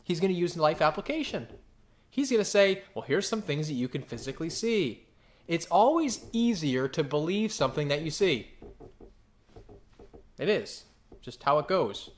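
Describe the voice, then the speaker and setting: Animated man preaching a sermon. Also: normal speed, pauses often. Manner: animated, acts out quoted voices with big pitch jumps; asks the congregation questions and answers them. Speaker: pastor.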